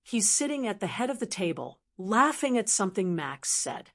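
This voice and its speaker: A woman's voice: medium pitch, big pitch swings, normal speed. An older woman narrating a first-person family story in a reflective, emotional way.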